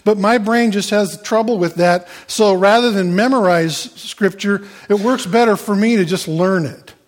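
A man's voice: high-pitched, normal speed. Chatty man preaching a sermon. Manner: conversational, frequent fillers and restarts, playful asides to the congregation. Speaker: pastor.

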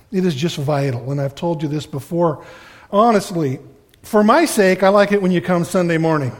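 A pastor with a slightly high, somewhat mellow voice gives a casual, rambling sermon to his congregation in a church hall, poking fun at himself. The recording carries the long reverb of a large hall.

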